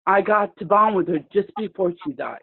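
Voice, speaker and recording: A woman's voice: medium pitch, lively intonation, vocal fry, breathy edge. A woman recounts a personal story with emotion. She halts and restarts often as she rambles along. Her voice arrives over a tinny, phone-like video call line. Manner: rambling, halting, with many restarts. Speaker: participant sharing a story.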